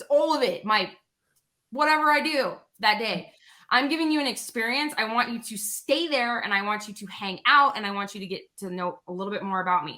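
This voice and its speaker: A young adult woman talking as a guest in a casual interview, energetic and animated, speaking quickly with lots of "like". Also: mid-range voice.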